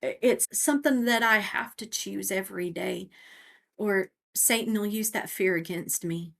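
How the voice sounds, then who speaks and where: A woman's voice: mid-range voice, normal speed, vocal fry, a little hiss or hum. A woman guest on a faith podcast speaking earnestly and reflectively about her own life in long, image-filled answers. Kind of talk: personal testimony in interview.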